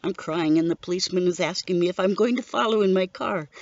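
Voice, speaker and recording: A woman's voice: on the low side, quick pace, no room sound. A middle-aged widow telling her story in an earnest, grieving personal testimony. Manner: grieving, earnest, steady recounting. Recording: dull lo-fi recording.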